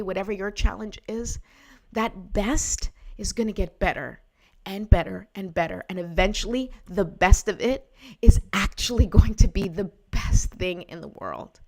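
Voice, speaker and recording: A woman's voice: mid-range voice, darkish tone. Woman, livestream host; earnest, emotional, on the edge of tears. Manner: earnest, emotional, greets viewers by name. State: close to tears. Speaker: spiritual live-stream host. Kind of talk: heartfelt livestream talk with card reading.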